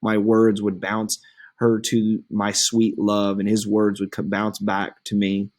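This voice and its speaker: A man's voice: fairly low pitch, completely flat delivery, darkish tone. Man reading as an impatient young girl. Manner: reads slowly and evenly from the text. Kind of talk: classroom play reading.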